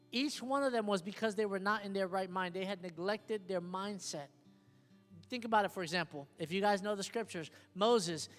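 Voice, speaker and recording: A man preaching a sermon as pastor, emphatic and often asking the congregation if they hear him. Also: sits high. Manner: emphatic, repeats questions to the congregation. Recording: long hall reverb with soft guitar behind.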